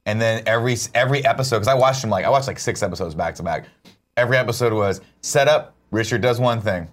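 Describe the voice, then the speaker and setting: A man with a somewhat low voice co-hosts a casual chat show. He rambles and leans hard on his points, swearing freely along the way. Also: fast talker. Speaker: co-host.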